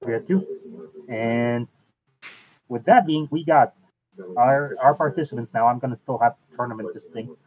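A podcast host leads a casual conversation in a medium-pitched voice, taking his time. He fills gaps with "uh" and frequently restarts sentences, and the sound is thin and tinny, like a phone line.

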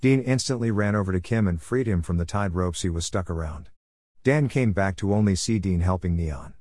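A man reading out a homemade story in a plain, steady way. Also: low voice, a little fast, no echo, studio quality.

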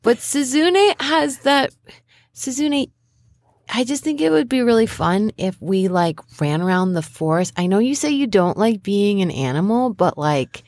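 A woman voicing a sweet young female bunny spirit who gushes bashfully in a squeaky voice. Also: animated, a little slow, darkish tone, no room sound. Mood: earnest.

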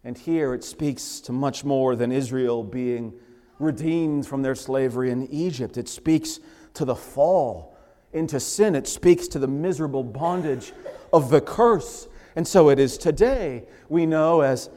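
A man's voice: medium pitch, a little slow, mellow. A male pastor preaching a sermon, rising emphatically when he quotes scripture. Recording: long hall reverb.

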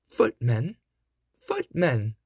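A man voicing a kindly little old fairy godmother in a storybook reading, gentle but commanding. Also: animated, measured pace, no echo, studio quality. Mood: impatient. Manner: gentle, commanding, higher and brighter than his narration.

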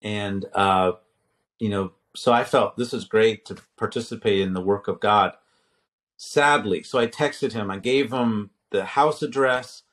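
A man's voice: fairly low pitch, measured pace, a bit bright. A man in his fifties who teaches at a seminary, telling a story in casual conversation, restarting sentences and quoting himself and others.

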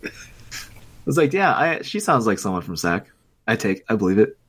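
A man's voice: on the low side, very animated, moderate pace, a bit bright, breathy edge. A young man co-hosting a podcast, rambling through casual chat and laughing often. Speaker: podcast co-host.

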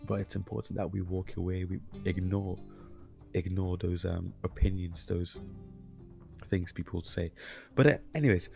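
A man's voice: low-pitched, fairly even intonation, normal speed, creaky, over music. A man hosting a Christian podcast, teaching casually and conversationally with frequent fillers and restarts. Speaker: podcast host.

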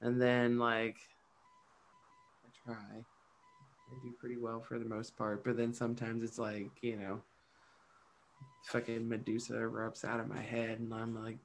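Swearing, storytelling mom in casual chat. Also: female voice, very deep voice, a little slow, long pauses, a little hiss or hum. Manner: swears freely, lively storytelling with quoted voices. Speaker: podcast co-host.

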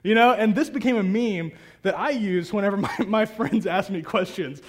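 A man preaching a sermon to a congregation in a conversational, animated way. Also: sits high, moderate pace. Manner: conversational and animated, acting out prayers. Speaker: pastor. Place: church hall with a congregation.

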